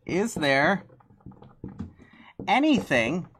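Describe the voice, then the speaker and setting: A woman explaining a math idea in a casual, chatty lesson, laughing often and getting excited as she goes. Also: lowish voice, very slow, a little hiss or hum. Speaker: teacher.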